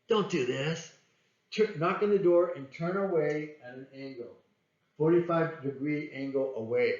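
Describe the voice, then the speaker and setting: A man teaching sales in a plain-spoken way, acting out phone calls as he goes. His voice sits a little high. The sound is echoey and dull, like a lo-fi room recording. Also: a little mellow. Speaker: sales trainer. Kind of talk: sales coaching talk.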